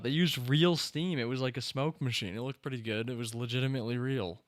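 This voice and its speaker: Smooth-voiced excitable male streamer. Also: medium pitch, brisk, dry recording, studio quality. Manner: excitable, talks back to the screen and chat. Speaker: streamer host. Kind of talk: live reaction stream, casual chat.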